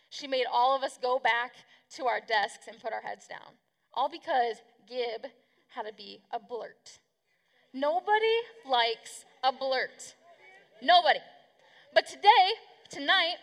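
Woman youth pastor, high gravelly voice, casual sermon, reverberant hall. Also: a bit bright. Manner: chatty, slangy, acts out quotes.

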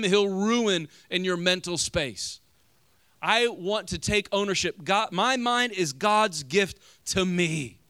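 An energetic male pastor delivers a sermon with sudden emphatic climbs. His voice is bright and smooth. The sound is dry and close. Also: high-pitched, no echo.

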